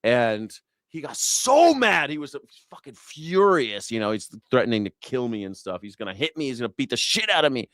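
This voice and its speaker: A man's voice: medium pitch, very animated, normal speed, a bit bright, dry recording. Male host, comedic ranter, profane and loose, dry close sound. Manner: loose, profane, laughing storytelling. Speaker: show host. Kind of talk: comedic rant.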